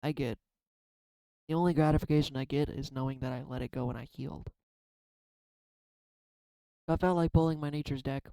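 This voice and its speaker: A man's voice: mid-range voice, steady tone, brisk, long pauses, warm tone, no room sound, poor audio. A man in a casual spiritual vlog, pulling and reading oracle cards, talking in a reflective and rambling way, emotional and swearing now and then. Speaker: tarot card reader.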